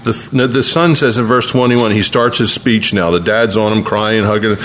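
A man's voice: mid-range voice, moderate pace, hardly any pauses, fairly bright tone. A man pastor delivering a sermon to a congregation in church, telling a story and often repeating his words as he preaches.

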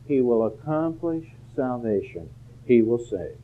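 A man preaching a sermon earnestly, building to emphatic, louder peaks. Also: medium pitch, expressive, measured pace. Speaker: pastor. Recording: phone-like narrow band.

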